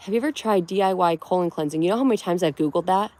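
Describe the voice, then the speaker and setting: A young woman from Connecticut, USA hosts a casual livestream, chatting and giggling while answering viewers' comments. Her voice is on the low side and a little mellow, and she talks at a racing pace.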